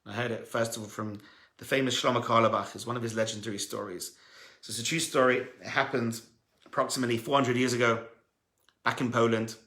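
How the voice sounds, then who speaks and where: A man, a rabbi, telling a story as a sermon, animated and acting out the voices of the people in it. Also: medium pitch, quick pace, reverberant.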